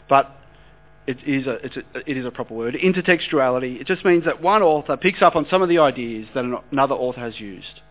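A man giving a sermon, reading a long scripture passage steadily and then explaining it in a conversational way. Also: mid-range voice. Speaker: preacher. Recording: dull lo-fi recording with mains hum.

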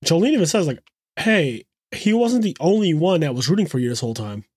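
Podcast co-host, male, higher register, lively storyteller, dry booth sound. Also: breathy edge, dry recording. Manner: animated retelling, quick asides, frequent swearing. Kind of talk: casual chat.

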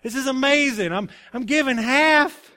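A man's voice: high voice, fairly even intonation, quick pace, lightly acted. A preacher acting out a pleading, self-justifying male sinner from a Bible story in a whiny, wheedling voice. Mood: whining.

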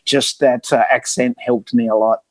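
A man with an Australian accent, a pastor telling his story in a casual interview, lively and joking, often repeating words as he gets going. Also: medium pitch, normal speed, no echo. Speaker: pastor, podcast guest.

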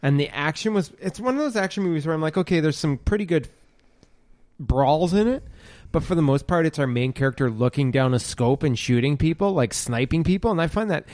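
A man's voice: a little high, lively intonation, fast, hardly any pauses, darkish tone, dry recording. A man in his forties hosting a podcast, chatting casually about movies, rambling and full of fillers, with the odd swear. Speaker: podcast host.

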